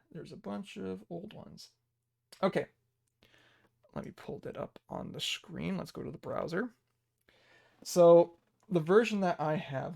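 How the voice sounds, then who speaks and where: A man's voice: fairly high pitch, dry recording, studio quality. A man hosting a live-stream podcast in loose, rambling casual chat. He thinks aloud while looking things up and laughs often. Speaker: livestream podcast host.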